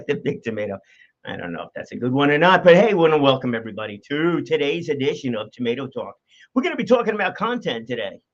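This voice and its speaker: A man's voice: medium pitch, very animated, fast talker, dull audio. Playful man hosting his podcast. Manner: playful, self-interrupting, mock radio voice. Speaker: podcast host. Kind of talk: solo podcast talk.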